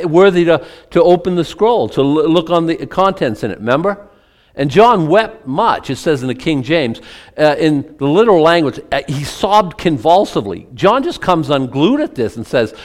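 A man giving a conversational Bible-teaching sermon as pastor, asking his listeners questions and adding chatty asides between scripture readings. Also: a little high. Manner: asks the congregation questions, chatty asides, reads from old scripture.

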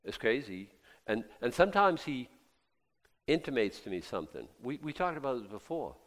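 A man's voice: mid-range voice, very animated, moderate pace. A man preaching a sermon in a conversational way, quizzing his listeners and repeating himself. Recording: long hall reverb.

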